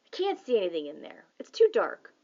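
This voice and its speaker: A woman's voice: medium pitch, huge pitch swings, mellow, dull audio. Woman doing a fussy, fretting mother. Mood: fussing. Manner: fretting, drawn-out.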